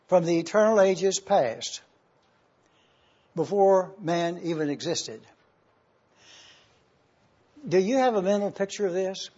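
A man preaching a sermon as pastor, emphatic, swelling loud on key phrases and dropping soft and low. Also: slightly rough, dull audio.

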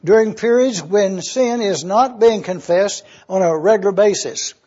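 Older male preacher, husky high voice. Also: unhurried, darkish tone. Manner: rhetorical questions answered himself, emphatic repetition. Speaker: pastor. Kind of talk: sermon. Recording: dull lo-fi recording.

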